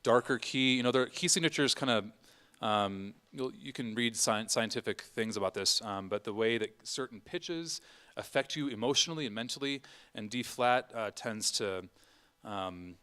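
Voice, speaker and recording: A middle-aged man leads a church choir rehearsal in a relaxed, chatty way. His voice sits at a middle pitch, and he keeps breaking into sung vowels and short phrases to show the singers what he wants. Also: moderate pace, smooth. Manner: chatty, sings vowel and Latin examples. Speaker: choir director.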